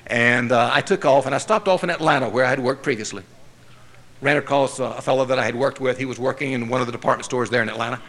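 A man stands before a recovery group and tells his own story at an ordinary, mid-range pitch. His delivery is wry and self-mocking. He grew up in North Carolina. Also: quick pace, a bit bright. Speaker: speaker sharing his story at a recovery meeting. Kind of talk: personal recovery testimony.

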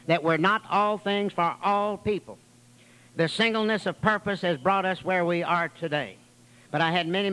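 A man's voice: high-pitched, bright, forceful tone, clear, resonant tone, rough recording. A man speaking at a recovery meeting, telling his story in a folksy, wry way with long piled-up lists. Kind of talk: storytelling testimony.

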